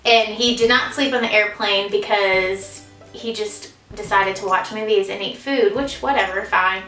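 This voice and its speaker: A woman in her twenties telling a story in a casual vlog, chatty and giggly and quick to poke fun at herself. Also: mid-range voice, bright, forceful tone, roomy sound, recorded from a distance, faint music behind, low-quality recording. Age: 20s. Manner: chatty, giggly, self-deprecating, lots of fillers. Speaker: vlogger.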